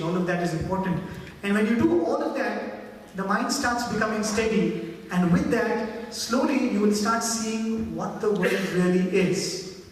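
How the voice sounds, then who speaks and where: Man, storytelling talk, high voice, distant mic in a big echoing hall. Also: a little hiss or hum. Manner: storytelling, voicing characters in quotes, frequent "right?". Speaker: speaker giving a spiritual talk. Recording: echoey hall, voice from far off.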